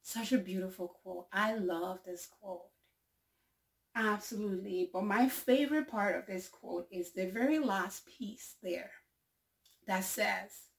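A woman speaks in a slow, heartfelt way, lingering over each phrase of an uplifting message. Her voice sits at a medium pitch. She sounds a little distant from the microphone. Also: creaky. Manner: slow, heartfelt, dwells on quoted lines. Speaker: speaker sharing encouragement. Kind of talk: reflective motivational talk.

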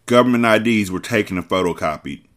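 A man with a fairly low voice reads a gritty novel aloud for his podcast. He steps out of the book now and then to react with loud, profane asides. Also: quick pace. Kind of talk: novel reading with casual commentary.

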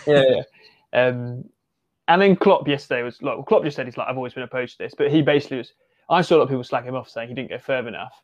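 Man, casual football chat, rambling, hesitant, middle pitch. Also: fast, highs cut off. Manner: rambling, hesitant, many fillers and restarts.

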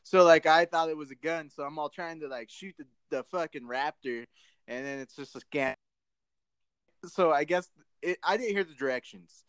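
A podcast co-host tells laid-back, profane stories packed with "dude." His voice is on the high side, fairly bright, clear and resonant, moving at a moderate pace in a dry recording.

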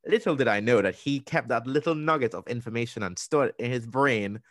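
A young man co-hosting a podcast, chatting in a lively way, acting out what people said and restarting his sentences. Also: mid-range voice, a little fast, no echo, studio quality. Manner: animated storytelling, acting out quotes with restarts. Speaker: podcast co-host. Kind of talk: casual interview chat.

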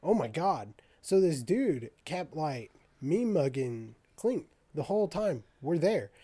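A man's voice: fairly high pitch, slow pace, slightly rough. Profane young man telling a story. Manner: profane, animated storytelling with quoted dialogue. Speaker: storyteller in a casual podcast chat. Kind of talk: casual chat.

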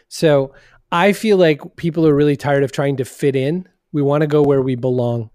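A middle-aged man from Maine, a guest in a podcast interview, telling animated stories and acting out quotes in lively voices. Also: a little high, dry recording, studio quality. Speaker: podcast guest, marketing consultant. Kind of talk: conversational interview.

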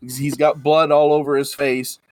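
A man narrates as game master of a tabletop game, wandering through his sentences with restarts. His voice sits fairly high, recorded dry and close. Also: little pitch movement, moderate pace, a little mellow, dry recording, rough recording. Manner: rambling, full of restarts.

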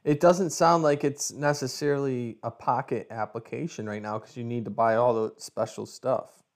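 A man's voice: medium pitch, fairly even intonation, moderate pace. A man co-hosting a casual podcast, joking around and explaining his project step by step. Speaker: podcast co-host.

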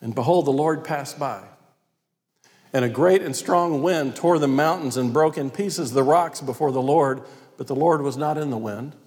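A man's voice: fairly high pitch, moderate pace, darkish tone. Man preaching under long reverb. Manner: storytelling, emphatic retelling of scripture. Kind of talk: sermon.

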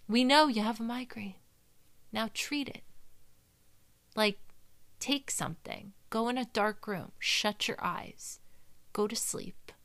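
A woman's voice: fairly low pitch, gravelly, sharp tone. A woman in her thirties giving frank, casual advice in a monologue, swearing freely, mimicking people mockingly and laughing at herself.

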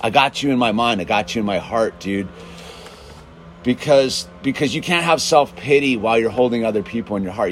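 A man ranting in a casual monologue, emphatic and constantly saying "dude", swinging between loud bursts and low mutters. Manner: emphatic, peppers speech with "dude". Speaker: show host.

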